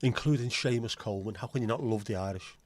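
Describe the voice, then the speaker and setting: A man's voice: medium pitch, fast talker. A man with a Scouse accent, hosting a livestream in casual, blunt, sweary banter with his viewers. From Liverpool, England. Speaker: livestream host.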